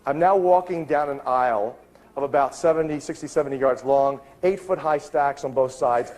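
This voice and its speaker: A man giving an earnest lecture, telling a story with lively acted-out dialogue and swings in pitch. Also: normal speed. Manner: animated, acts out dialogue with big pitch swings; earnest, spiritual framing.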